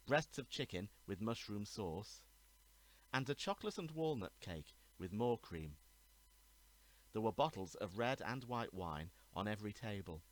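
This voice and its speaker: A man, the author, reading his own murder mystery aloud in a measured, even narration. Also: on the low side, low-quality recording. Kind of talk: storybook reading.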